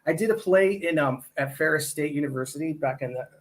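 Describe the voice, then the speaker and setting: A man's voice: a little high, brisk. A middle-aged man from Michigan, a guest on a podcast, telling rambling stories in casual chat with lots of fillers and restarts.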